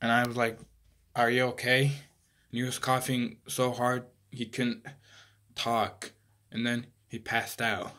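Young guy doing a bored sarcastic teen superhero kid, slow talker, lots of sighs. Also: mid-range voice, level tone, pushed and bright. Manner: sarcastic, exasperated, sighing. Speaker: actor playing a teen superhero. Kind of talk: comic stage monologue.

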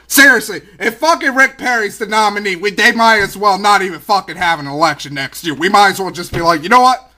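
A man's voice: high-pitched, brisk, few pauses, sharp tone. A man delivering a heated, profane and sarcastic political rant as a video blogger.

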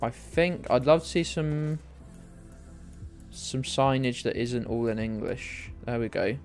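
A British man with a medium-pitched voice streams a geography game, talking slowly and rambling to his viewers while swearing freely. It's casual game-streaming chat with faint music underneath.

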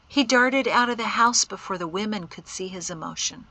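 A woman's voice: medium pitch, moderate pace, few pauses, pushed and bright, no room sound. A woman narrating an audiobook expressively, voicing each character. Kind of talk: scripted narration.

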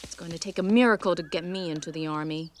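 An actress voicing a determined young woman in disguise in an animated film. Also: on the low side, quick pace, slight background noise, lightly acted. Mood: uneasy.

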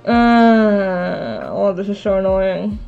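A woman's voice: mid-range voice, sing-song, slow pace, vocal fry, darkish tone. A woman live streaming as she crafts, chatting casually, thinking aloud and answering her chat. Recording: slightly dull stream audio, faint background music.

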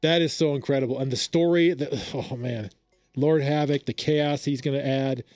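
A man's voice: medium pitch, moderate pace, no echo, faint music behind. A man hosting a reaction video, gushing and rambling as he comments on a game trailer. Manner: excitable, gushing, loud exclamations and laughter; rambling fan commentary with restarts. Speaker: reaction channel host.

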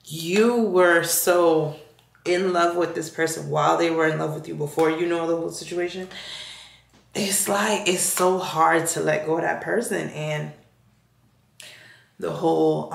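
Slow, gravelly woman telling a story. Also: fairly low pitch. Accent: Jamaican. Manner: animated storyteller, acts out quoted voices. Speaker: vlogger. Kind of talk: casual storytime chat. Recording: echoey room.

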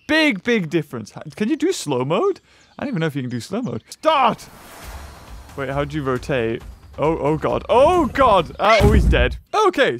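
High, lively man commentating gameplay. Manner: shrieks and laughs at the action, fast chatter. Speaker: gaming YouTuber.

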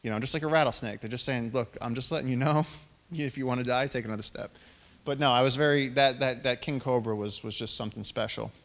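A man's voice: mid-range voice, fast talker. Guy in his 30s giving a talk, storytelling, does little voices for people in the story. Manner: animated storyteller, acts out quotes in raised voices. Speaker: naturalist and explorer giving a public talk. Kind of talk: storytelling lecture.

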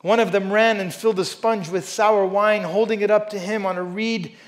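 A man with a high voice preaches a sermon to a church congregation. He reads scripture with strong emphasis and drops to hushed asides. Between readings he talks casually and often says "you know". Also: fairly even intonation, normal speed. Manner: emphatic, swings between loud stresses and quiet asides. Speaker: pastor. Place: church service before a congregation.

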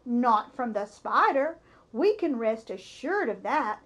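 A woman reading a children's novel aloud, narrating expressively. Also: fairly high pitch. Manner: slow, expressive storytelling. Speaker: storybook reader.

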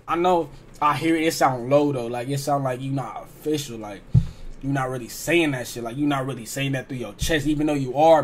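A man's voice: on the high side, slight background noise. Rambling slangy man reacting to music. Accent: Californian. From California. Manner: rambling, slangy, repeats "like" and "you know what I'm saying". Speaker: reaction host. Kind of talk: casual music reaction commentary.

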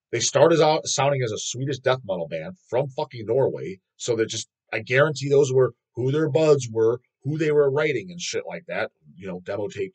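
Man, husky voice, middle pitch, channel host, casual rant, blunt, heavy swearing. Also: rough recording. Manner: blunt, profane, opinionated.

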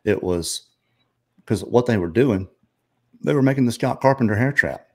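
A man hosting an interview, chatting casually and telling long stories in a relaxed way. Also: medium pitch, normal speed. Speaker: show host.

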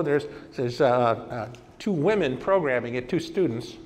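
A man in his sixties giving a conference talk and telling lively anecdotes. He acts out old conversations as he goes. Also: mid-range voice, moderate pace, a little hiss or hum. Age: 60s. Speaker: conference speaker. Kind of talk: presentation talk with storytelling. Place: hall at a vintage computer festival. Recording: long hall reverb.

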